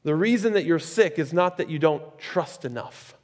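A male pastor with a high-pitched voice preaches in a lively, conversational way, breaking off into casual asides. His voice carries through a large hall with a long reverb tail. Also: moderate pace. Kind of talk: sermon.

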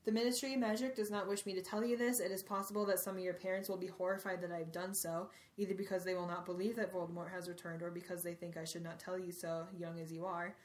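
A woman's voice: lowish voice, level tone, voice pushed down, lightly acted. A woman reading as a solemn elderly headmaster. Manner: slow, hushed, measured reading. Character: wise elderly male headmaster, solemn and gentle. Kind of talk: reading a book passage aloud.

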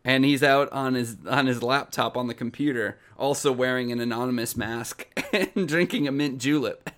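A man's voice: medium pitch, moderate pace, a bit bright. A young man co-hosting a comedy podcast, rambling and giggly with frequent restarts. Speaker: podcast co-host. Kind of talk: casual comedic chat.

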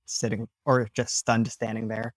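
Male player narrating his character, excitable and chatty; a dry, close recording. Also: fairly low pitch, measured pace, no echo. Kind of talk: tabletop game play.

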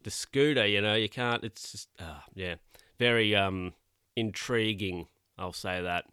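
A man's voice: lowish voice, a little slow. A man talking through a casual, rambling monologue, often correcting himself and sounding incredulous.

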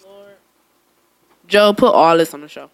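A woman's voice: fairly low pitch, measured pace, slight background noise. A woman hosting a podcast in casual chat, giggly and playful. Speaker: podcast host.

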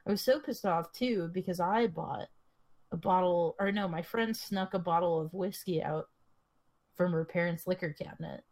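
A woman's voice: on the low side, moderate pace, darkish tone. Young woman, podcast co-host, casual chat, rambling, frequent swearing, laughs often.

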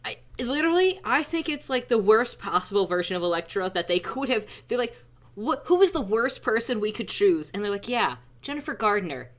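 A young woman in casual podcast chat, animated, laughing often and groaning in mock despair. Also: mid-range voice, brisk. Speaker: podcast co-host.

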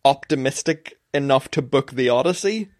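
A man's voice: mid-range voice, lively intonation, normal speed, dry recording. A man in casual chat, making dry, wry asides.

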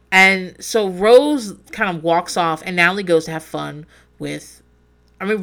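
A woman's voice: mid-range voice, bright, forceful tone. A woman in her forties hosting a casual recap podcast, who talks in a digressive, profane way and laughs at herself. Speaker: podcast host recapping a reality show. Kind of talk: casual chat.

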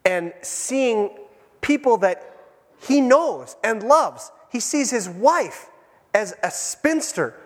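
A man who is a pastor delivers a sermon in a church, telling stories and moving between hushed and raised delivery. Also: very high voice, big pitch swings, slow. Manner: storytelling, dramatic shifts between hushed and raised. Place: church sanctuary. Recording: long church reverb.

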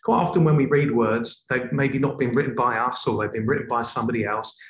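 A man who works as a TV presenter, explaining his technique in an expressive, tone-varied way. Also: medium pitch, fairly quick, roomy sound, rough recording. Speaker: TV presenter, guest.

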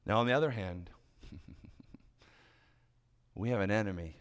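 A male pastor preaching a sermon in a dramatic delivery that swings from loud to hushed whispers. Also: mid-range voice, animated, moderate pace, long pauses, in a large hall.

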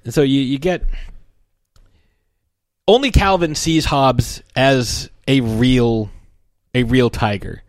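A man talks in a relaxed, chatty way about comic strips, now and then jumping into the characters' lines. His voice sits at an ordinary pitch. The recording is close and dry, with almost no room sound. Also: takes it slowly, long pauses, no room sound. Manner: animated storytelling, acts out the characters' lines.

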